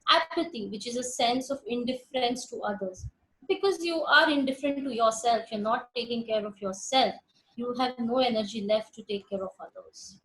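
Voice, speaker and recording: A woman's voice: fairly high pitch, normal speed, a bit bright, low-quality recording. Earnest woman with an Indian accent lecturing. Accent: Indian English. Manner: earnest, emphatic, repeats words while rephrasing. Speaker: psychologist presenting a webinar. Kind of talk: webinar lecture.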